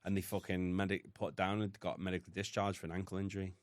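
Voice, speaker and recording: A British man with a very low, deep voice recounts his past candidly, swearing freely as he talks. The sound is close and dry, with no room around it. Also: little pitch movement, fast, no echo. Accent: British English. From United Kingdom. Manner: blunt, heavy swearing, emotional retelling. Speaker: podcast guest. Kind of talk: candid storytelling.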